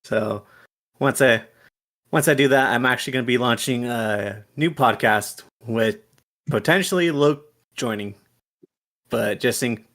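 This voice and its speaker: Male podcast guest, mid pitch, plain steady delivery, call mic. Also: measured pace. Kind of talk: casual gaming chat.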